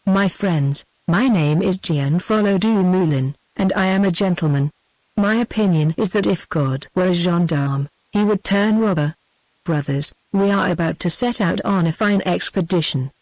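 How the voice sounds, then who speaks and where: A synthetic British woman's voice reading the part of a brash, boastful young man in armor, in an even text-to-speech delivery. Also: lowish voice, no echo, natural voice, poor audio. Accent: British English.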